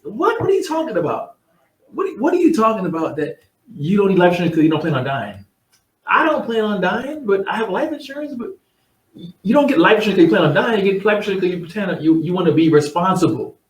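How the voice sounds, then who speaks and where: A fast-talking host of an insurance advice show speaks to camera in a high, sing-song voice, casual and blunt. He mocks people's excuses and repeats himself, and the sound is roomy, with the mic set at a distance.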